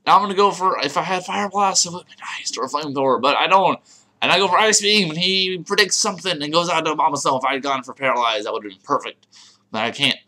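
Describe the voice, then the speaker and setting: A man casually narrating his own online game battle, crude, profane and excitable, grumbling at his opponent. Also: fairly high pitch, fairly quick.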